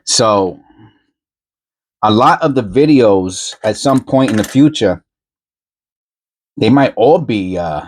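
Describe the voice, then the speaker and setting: A man with a fairly low voice talks off the cuff as he hunts through coins. He rambles, repeats words and corrects himself on the fly, and he breaks into excited asides now and then. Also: takes it slowly, long pauses. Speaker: coin roll hunting channel host. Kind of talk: casual chat while searching coins.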